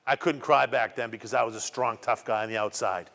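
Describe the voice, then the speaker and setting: A man's voice: medium pitch, fairly even intonation, a little fast, creaky, fairly bright tone. A middle-aged man giving a personal testimony talk to students, telling his story emphatically with much repetition. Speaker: guest speaker. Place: community program hall. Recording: long hall reverb.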